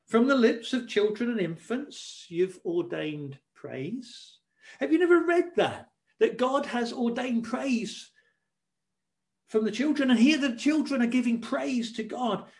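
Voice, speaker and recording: A man delivering a sermon in a high, light voice. He preaches expressively, swinging from soft, hushed asides to ringing declarations, and acts out the voices in the story he tells. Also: animated, slow, creaky.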